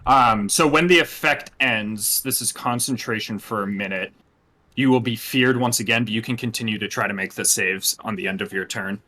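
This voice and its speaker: A man's voice: on the low side, moderate pace, sharp tone. A man working as game master, calling out turns and patiently explaining spell rules, laughing often. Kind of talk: running a tabletop game.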